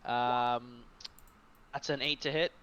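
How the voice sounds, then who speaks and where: A man playing in an online tabletop game, narrating his turn in a halting way, full of fillers and restarts. His voice is bright and forceful at an ordinary middle pitch. A faint hiss runs behind him on voice chat. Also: fairly even intonation, muffled recording. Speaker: player.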